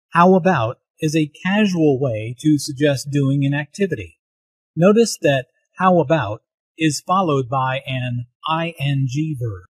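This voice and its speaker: A man narrating language notes in an English lesson in a calm, explanatory manner. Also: on the high side, husky, dry recording, rough recording. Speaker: English teacher.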